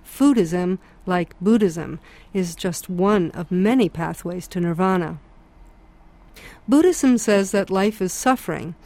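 Measured woman narrating. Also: mid-range voice, dark tone. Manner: measured, reflective. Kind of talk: scripted audiobook narration.

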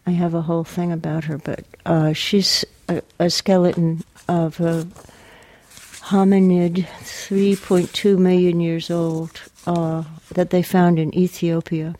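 An older woman poet talking in a radio interview, soft-spoken and hesitant, pausing often, and reading her poems aloud. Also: fairly low pitch, flat delivery. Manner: hesitant, soft-spoken, many pauses and fillers.

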